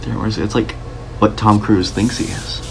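A man co-hosting a podcast in casual chat, giving short agreeing replies and quick asides. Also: on the low side, fairly even intonation, gravelly, a little hiss or hum, rough recording. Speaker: podcast co-host.

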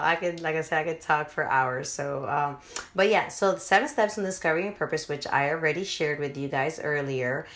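A woman's voice: low-pitched, fairly bright tone. A woman in her thirties hosting a podcast, talking casually and from the heart, with many filler words. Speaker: podcast host. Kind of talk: casual motivational podcast talk. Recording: roomy echo.

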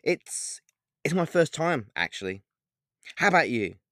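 A man's voice: fairly high pitch, very animated, unhurried, pushed and bright, no room sound, studio quality, voice pushed up, heavily acted. An audiobook reader voicing a nervous woman werewolf, who stammers and hesitates as she speaks. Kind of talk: audiobook character voice.

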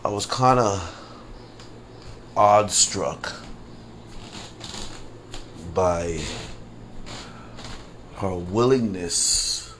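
A man's voice: lowish voice, very slow, long pauses, fairly bright tone, a little hiss or hum. A man hosting a casual solo podcast, rambling and repeating himself, slangy and conversational, chuckling at his own asides. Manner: rambling, repeats phrases, laughs at own jokes. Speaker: podcast host.

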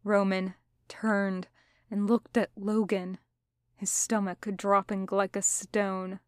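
A woman narrates a story in a steady audiobook read, speeding up where the action turns tense. Her voice sits in a middle range, recorded dry and close with no room sound. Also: mid-range voice, slow, dry recording. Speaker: podfic reader. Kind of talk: audiobook narration of fan fiction.

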